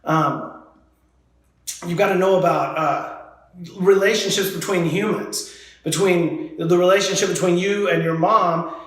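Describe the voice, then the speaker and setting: Man, drama teacher, encouraging, models drills for kids, slightly high voice, very echoey room. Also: a little slow, pauses often. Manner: encouraging, models each drill for students to repeat. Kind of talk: leading voice and diction warm-ups for children.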